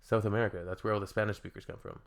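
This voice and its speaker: A man's voice: lowish voice, little pitch movement, very fast. A Canadian man hosting a reaction video, reading comments aloud and adding dry, joking asides in a casual tone.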